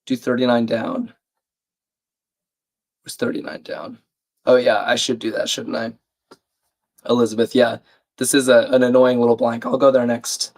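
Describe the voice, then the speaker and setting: A man with a croaky, slightly sick voice, hosting a live crossword stream in a chatty, casual way and reading viewer comments aloud. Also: medium pitch, little pitch movement, fairly quick, darkish tone. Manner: chatty, reads chat aloud, self-deprecating. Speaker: livestream crossword host.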